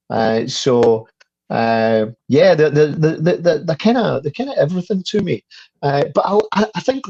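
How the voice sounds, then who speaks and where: The recording is dry and muffled, carrying a mid-range, darkish male voice. It belongs to a Scottish man in his fifties who, as a guest in casual interview chat, tells a story riddled with stuttered restarts and a swear here and there.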